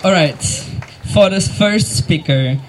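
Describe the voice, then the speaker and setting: A man working as MC at an outdoor gathering, speaking emotionally and haltingly, with frequent fillers and small laughs. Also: sits high, noisy background. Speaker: event MC. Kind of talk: live outdoor event hosting. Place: outdoor event crowd gathering.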